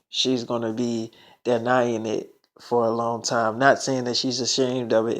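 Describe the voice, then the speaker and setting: A man's voice: mid-range voice, vocal fry. A man telling a long story in a loose, rambling way, swearing freely and often saying "so she's like". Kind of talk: casual storytelling vlog.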